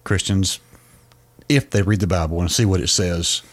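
Low-voiced man explaining at length. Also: steady tone, moderate pace. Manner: storytelling explainer with frequent restarts. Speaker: podcast co-host. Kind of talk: casual podcast discussion.

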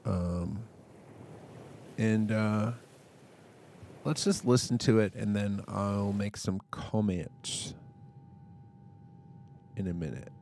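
A man talks through his own podcast in a loose, wandering monologue, poking fun at himself as he goes. His voice sits a little low, but he keeps leaping up loud and bright when he gets excited, then drifting back down. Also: takes it slowly, vocal fry, pauses often, a little hiss or hum. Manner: rambling, self-mocking humor; sudden bursts of loud, high enthusiasm. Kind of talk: casual monologue.

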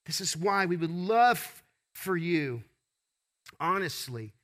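A man's voice: fairly high pitch, pushed and bright. A man preaching a sermon as pastor, asking rhetorical questions and calling for responses from the congregation.

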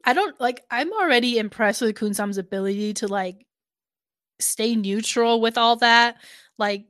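A woman's voice: on the high side, unhurried, no echo, clean studio sound. Chatty woman recapping a show. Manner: animated, laughing often, many "like" fillers. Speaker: co-host of a reaction show. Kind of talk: casual reaction chat recapping a series.

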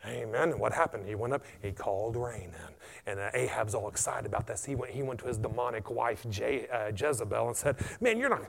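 A man preaching a sermon, animated and punctuated with frequent amens. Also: medium pitch, a little fast, gravelly. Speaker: pastor.

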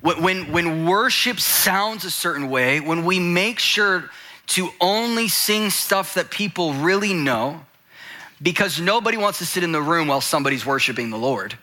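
A male pastor preaching a sermon with passion, dropping to hushed low lines and rising to urgent high ones. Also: expressive, moderate pace.

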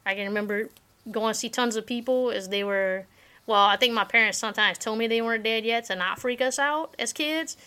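Bright-voiced playful woman. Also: a little high, fairly quick, smooth. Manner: playful, teasing. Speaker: podcast co-host. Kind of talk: casual chat.

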